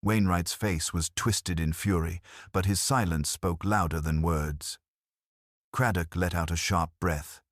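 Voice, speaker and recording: A man narrating a scripted mystery story in a measured, even way. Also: sits low, no echo, clean studio sound.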